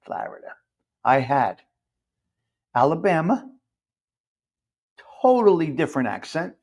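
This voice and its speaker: A man's voice: mid-range voice, expressive, normal speed. A man with a North Jersey accent, talking casually in a rambling monologue and repeating words for emphasis. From New Jersey. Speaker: podcast host.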